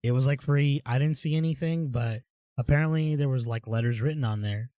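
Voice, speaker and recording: A man's voice: medium pitch, fairly quick, warm tone, dry recording. A man co-hosting a casual podcast chat, telling long, rambling stories full of "dude" and "like". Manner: rambling storyteller, says dude. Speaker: podcast co-host.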